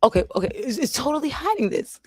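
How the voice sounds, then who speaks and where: A woman's voice: high voice, sing-song, fast, breathy edge, dry recording. A woman hosting a casual livestream, frustrated and swearing, often dropping into whispers, talking into a desk microphone at home. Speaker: livestream host.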